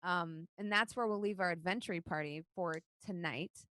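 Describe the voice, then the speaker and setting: A woman's voice: fairly low pitch, moderate pace, sharp tone, no echo. Woman game master, casual narration, dry close sound. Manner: casual, many fillers.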